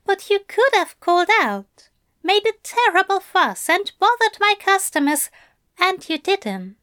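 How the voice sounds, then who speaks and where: For an audiobook, a woman performs a full character voice as a soft-spoken, doting male angel who is fussy and controlling, coaxing gently in a prim way. She pitches it very high, well above her own voice, with big pitch swings and an unhurried pace. The studio-quality recording has no room sound.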